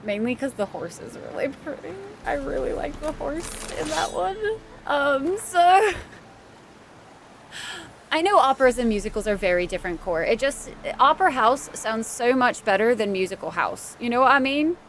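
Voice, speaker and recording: A woman's voice: high voice, animated, moderate pace, a bit bright, a little hiss or hum. A woman live streamer chatting casually with viewers while playing a game, thanking people by name and laughing easily. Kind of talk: casual chat while gaming. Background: faint game music.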